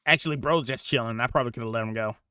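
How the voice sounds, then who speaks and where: A man's voice: medium pitch, very fast, bright, forceful tone, clear, resonant tone, dry recording, studio quality. A young man chatting casually on a gaming stream into a desk mic, slangy and laughing often.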